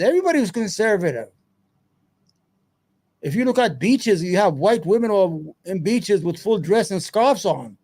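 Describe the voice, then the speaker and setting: A solo commentary host with a high-pitched, slightly mellow male voice rambles through his own show. He talks loosely and profanely, muttering to himself while he hunts for things between points.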